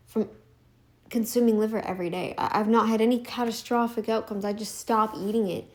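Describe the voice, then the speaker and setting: Emphatic woman ranting, higher voice. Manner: emphatic, repetitive, defiant. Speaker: vlogger. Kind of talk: casual ranting commentary.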